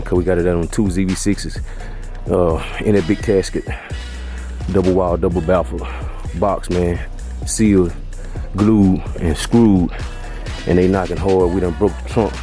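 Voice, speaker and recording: A man with a low, mellow voice talks casually into a phone camera outdoors, slangy and a bit winded, ending nearly every phrase with "man" or "y'all". Faint music plays underneath. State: out of breath. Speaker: car audio vlogger. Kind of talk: casual vlog talk. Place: outdoors by cars in a front yard.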